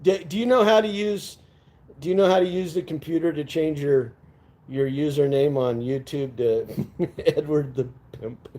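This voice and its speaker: A man's voice: a little high, normal speed, warm tone. A man chatting casually with viewers on a live stream from home, rambling, laughing and cursing as he goes.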